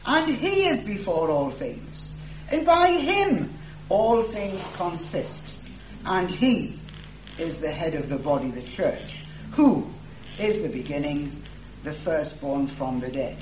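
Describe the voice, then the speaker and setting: A man's voice: high-pitched, a little mellow. A man preaching an expository sermon, his voice rising and falling widely as he stresses each key word. He takes his time over every phrase. The room echoes, with a faint hum underneath. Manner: slow, deliberate, stresses words for emphasis. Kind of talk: expository sermon reading scripture.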